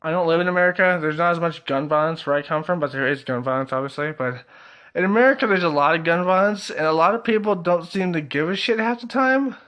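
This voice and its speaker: A man's voice: fairly high pitch, fast talker, fairly bright tone, clean tone, lo-fi sound. A young man casually reviewing a TV episode, laughing often, swearing freely and filling his talk with "like" and "uh".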